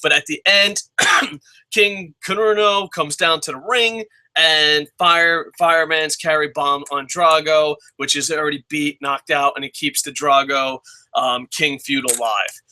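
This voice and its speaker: A young man giving a casual spoken review of a wrestling show, excitable and swearing freely as he rants. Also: on the high side, unhurried. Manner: excitable, profane ranting.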